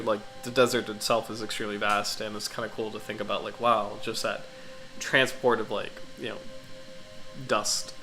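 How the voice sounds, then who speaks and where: A man's voice: medium pitch, pushed and bright, poor audio. A congested, sniffly man hosting a casual livestream, rambling enthusiastically with many fillers and restarts. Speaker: livestream host.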